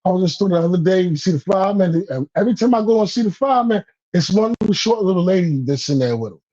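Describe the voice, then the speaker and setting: A man in heated casual chat, rambling, repeating himself and swearing as he builds to loud outbursts. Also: high-pitched, lively intonation, racing. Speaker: guest on a talk stream. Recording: dull lo-fi stream audio.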